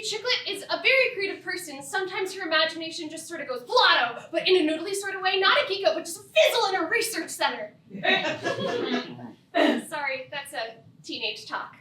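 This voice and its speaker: A woman's voice: very high-pitched, pushed and bright, slight background noise, heavily acted. An actress playing an earnest, nerdy teenage girl reading out her diary entry. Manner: earnest, gushing, slangy. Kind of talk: live stage monologue. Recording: echoey theatre stage from far off.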